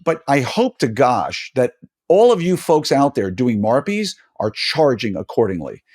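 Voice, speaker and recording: Middle-aged man hosting, lively and emphatic. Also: mid-range voice, unhurried. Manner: emphatic and preachy, with many fillers and restarts. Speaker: podcast host and orthodontist. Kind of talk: casual interview chat.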